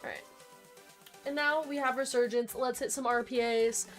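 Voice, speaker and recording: A young woman hosting a live card break stream, quickly reading off player names and chatting with viewers. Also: a little high, steady tone. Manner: rapid listing of names, chatty asides to viewers. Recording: faint background music.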